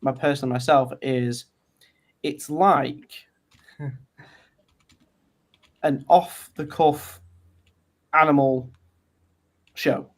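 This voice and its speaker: A British man, a guest on a podcast, talking in a relaxed, hesitant way with many pauses. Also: mid-range voice. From Britain. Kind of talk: casual podcast chat.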